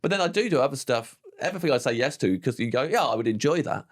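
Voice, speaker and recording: A comedian in his forties, appearing as a guest, chats casually at a quick pace in a medium-pitched voice. He's animated, acts out quotes, says "like" often and laughs frequently.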